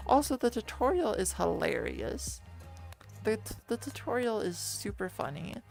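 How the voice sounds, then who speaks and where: A woman streams while lying down, chatting casually with viewers, rambling and doubling back to correct herself. Her voice sits at an ordinary middle pitch with plenty of gravelly fry, and soft music plays faintly underneath.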